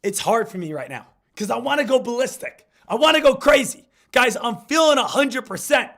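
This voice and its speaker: Hoarse, hyped trading streamer man. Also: very high-pitched, expressive, brisk, fairly bright tone. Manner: hyped, repetitive, rallying. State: hoarse from illness. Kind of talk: live market commentary.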